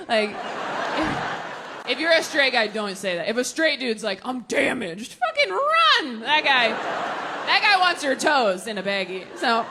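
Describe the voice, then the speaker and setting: A woman's voice: a little high, animated, measured pace. A woman doing stand-up, teasing the crowd with incredulous questions and often laughing mid-line. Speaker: stand-up comedian. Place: large comedy venue with live audience. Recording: live hall reverb with crowd noise.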